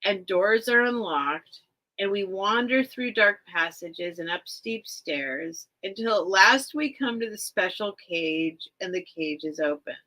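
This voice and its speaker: A woman's voice: mid-range voice, lively intonation, a little slow, sharp tone, low-quality recording. A woman hosting a casual livestream, reading a children's book aloud and rambling between pages, teary and close to crying. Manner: rambling, chatty, heavy on "like" fillers. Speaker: livestream seller.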